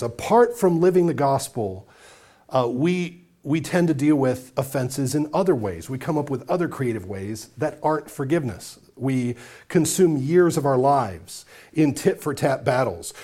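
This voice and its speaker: Man, pastor, sermon, earnest, emphatic, list-building, questions the congregation, fairly high voice. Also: darkish tone. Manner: earnest, emphatic preaching that piles up lists; speaks straight to the congregation with questions.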